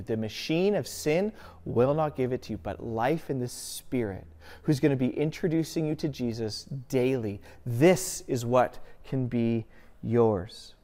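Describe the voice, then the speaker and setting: A man's voice: medium pitch, unhurried, warm tone. A man preaching a sermon as a pastor, earnest, often asking himself a rhetorical question and answering it.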